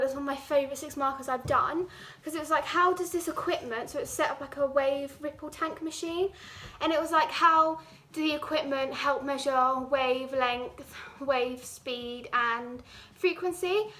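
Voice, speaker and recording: A woman's voice: high voice, a bit bright. A teenage girl from England chatting casually to her vlog camera, rambling with lots of "like". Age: teens. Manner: chatty, rambling, heavy use of "like". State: out of breath. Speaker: vlogger.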